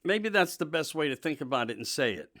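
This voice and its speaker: A man's voice: fairly high pitch, very animated, fairly quick, vocal fry, a bit bright. Indignant male talk show host. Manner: emphatic, repetitive, indignant. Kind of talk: political talk show monologue.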